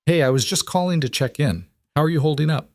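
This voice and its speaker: A man's voice: on the high side, fast talker, no echo, pitched above the performer's own voice, natural voice. A composed young nurse who speaks plainly and reassuringly, as a man reads her lines. She sounds matter-of-fact and firm in a dry, close storybook recording. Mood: concerned, practical. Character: calm, practical young woman nurse. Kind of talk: scripted story reading.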